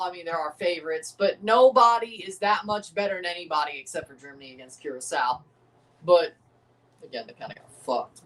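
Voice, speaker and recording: A man hosting a live watchalong of a football match, excitable and opinionated, often exclaiming and laughing at the action. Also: high-pitched, far from the mic. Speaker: livestream host reacting to a match.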